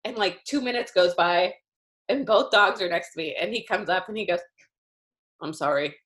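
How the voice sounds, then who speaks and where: A woman telling a ranch story in casual chat, animated and laughing often. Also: mid-range voice, fairly quick.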